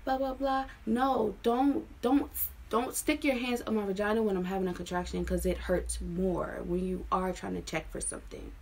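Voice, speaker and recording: A woman's voice: medium pitch, steady tone, moderate pace, vocal fry, darkish tone, slightly rough. A woman in her twenties from Maryland, telling a personal story casually and frankly, with lots of fillers. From Maryland, USA. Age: 20s. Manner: frank, chatty retelling with many fillers. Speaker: vlogger.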